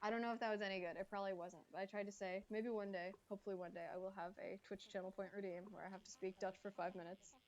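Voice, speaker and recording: A woman's voice: medium pitch, steady tone, fast talker, hardly any pauses, muffled recording. A woman streaming live who chats casually with her viewers and answers their messages, sounding slightly congested. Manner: chatty, reading and answering chat.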